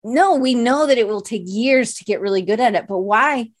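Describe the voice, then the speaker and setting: This podcast host, who also teaches illustration, has a slightly high voice and talks at a normal pace with no echo. Her casual chat wanders playfully, full of self-deprecating jokes and frequent "like" fillers.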